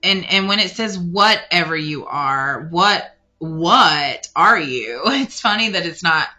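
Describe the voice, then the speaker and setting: Slow-talking bright-voiced woman card reader. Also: on the low side, animated. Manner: rambling, self-correcting, warm addressing of listener. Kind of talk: casual spiritual card reading.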